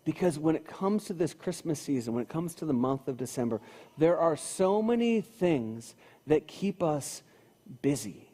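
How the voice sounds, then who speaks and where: A man's voice: on the high side, expressive, moderate pace, dark tone. Man preaching in a reverberant church. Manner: conversational preaching, repeats phrases for emphasis. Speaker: pastor. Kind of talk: sermon. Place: church sanctuary. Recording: long hall reverb.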